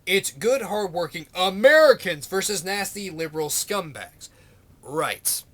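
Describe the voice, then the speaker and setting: A man's voice: sits high, expressive, unhurried, fairly bright tone. A man ranting to camera in a vlog, sarcastic, exasperated and swearing freely. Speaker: vlogger. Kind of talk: political rant to camera.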